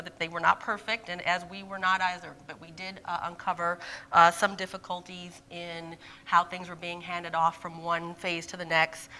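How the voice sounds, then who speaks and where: An expressive woman gives a conference talk, animated and quick to laugh. Her voice is bright and clear but sits on the low side. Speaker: conference presenter.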